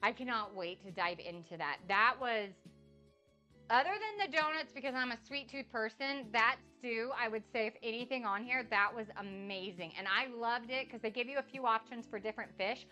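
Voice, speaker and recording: A woman's voice: on the high side, animated, normal speed, sharp tone, soft background music. A young adult woman chatting casually on a cooking livestream, gushing and effusive as she tastes her food. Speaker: cooking streamer. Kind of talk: casual cook-along livestream chat.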